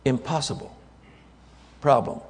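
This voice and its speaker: A man's voice: a little slow, big-room sound. A man preaching a sermon to a congregation, emphatic, repeating key words and asking the audience rhetorical questions.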